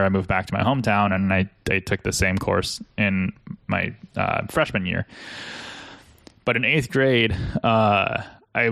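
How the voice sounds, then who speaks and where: A man's voice: on the low side, gravelly, a bit bright, no room sound. An American man co-hosting a business podcast, chatting in a rambling, self-deprecating way and laughing often. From United States. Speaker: agency co-host. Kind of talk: casual podcast chat.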